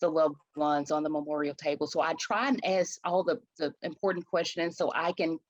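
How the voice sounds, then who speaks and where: A woman's voice: low voice, brisk, no room sound, highs cut off. A woman event planner from Chicago, telling her story in an interview with passion and frequent restarts. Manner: passionate, animated, restarts often.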